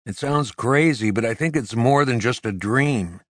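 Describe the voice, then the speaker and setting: A man's voice: medium pitch, unhurried, no room sound, clean studio sound, lightly acted. Weary, haunted man, voiced by a narrator. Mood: troubled. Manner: hesitant, tired. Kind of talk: audiobook character voicing. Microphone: close studio mic.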